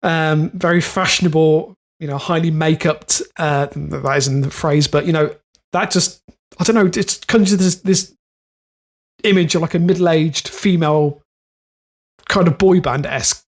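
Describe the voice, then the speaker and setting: A man's voice: a little high, unhurried. A young man co-hosting a podcast, reading odd news stories aloud and wandering into jokes. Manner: reads news then rambles off in jokes. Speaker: podcast co-host, reads the stories. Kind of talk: casual comedic chat.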